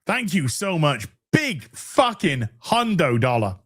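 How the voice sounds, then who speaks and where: A man hosting a casual live stream, reading super chats and answering with profane, animated banter. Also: on the high side, slow pace, husky. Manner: animated, profane, warm toward chat.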